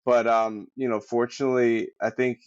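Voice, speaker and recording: A man's voice: mid-range voice, flat delivery, moderate pace. Enthusiastic male podcast host, dull audio. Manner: warm, enthusiastic, reflective, lots of fillers. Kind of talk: casual interview talk.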